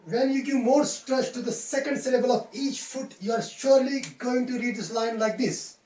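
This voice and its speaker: A man teaching a classroom lesson on poetry, speaking deliberately and repeating phrases as he explains. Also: extremely high pitch, darkish tone, recorded from a distance. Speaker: English teacher. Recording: echoey room, voice off-mic.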